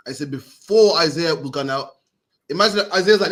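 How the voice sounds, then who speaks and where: A man leading a Bible class in a fast, slangy style, tacking "man" onto his lines and urging the reader on. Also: on the high side, animated, fairly bright tone. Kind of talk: lively street-style Bible teaching.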